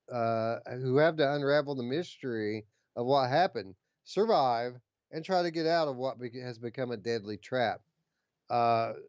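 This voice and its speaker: Smooth-voiced man hosting a gaming podcast. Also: mid-range voice, darkish tone, no echo, lo-fi sound. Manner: eager, reads news out with many fillers. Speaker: podcast co-host. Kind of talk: casual chat about gaming news.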